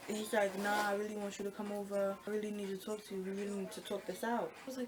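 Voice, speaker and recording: A woman's voice: medium pitch, fast talker, hardly any pauses, background noise. Young woman telling a storytime. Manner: animated retelling, acts out quoted lines. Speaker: storytime vlogger. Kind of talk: casual storytime.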